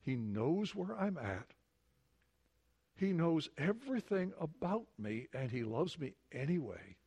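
A man preaching a sermon to his congregation. He asks them questions and often drops to a soft, intimate emphasis. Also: fairly high pitch, big pitch swings, unhurried, gravelly, breathy edge. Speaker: pastor.

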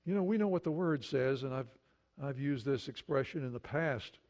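A middle-aged male pastor preaching a sermon earnestly, moving between hushed prayerful passages and emphatic points. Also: mid-range voice, animated, normal speed.

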